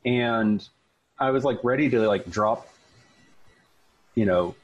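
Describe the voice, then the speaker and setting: A man's voice: medium pitch, slow, muffled recording. A man casually telling a long personal story, chatty and full of fillers. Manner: chatty, filler-heavy, animated retelling.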